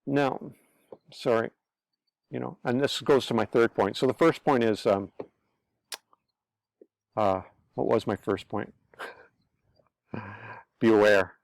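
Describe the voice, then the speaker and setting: A man's voice: mid-range voice, moderate pace, pauses often, no room sound. A man talking in a casual advice monologue, blunt and earnest, repeating himself and swearing freely. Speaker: online pastor-commentator.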